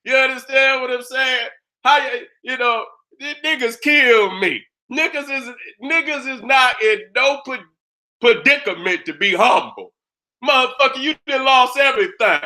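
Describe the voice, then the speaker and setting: Fired-up bright-voiced man ranting. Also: very high voice, expressive, a little slow. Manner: boastful, combative, repeats his phrases, asks "you understand". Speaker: host of his own channel. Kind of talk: fired-up profane monologue.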